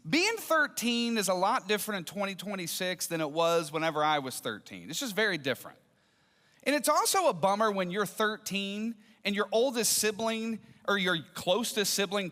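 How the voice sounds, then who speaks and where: In a church auditorium with a large hall's long reverb, a pastor in his forties from the American Midwest delivers a sermon. His voice is high-pitched, bright, and forceful as he recounts a family story and acts out its dialogue.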